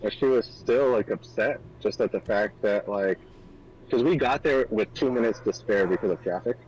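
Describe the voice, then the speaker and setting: Low-voiced man telling a rambling story. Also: normal speed, darkish tone, highs cut off, a little hiss or hum. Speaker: streamer. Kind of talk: casual chat over gameplay.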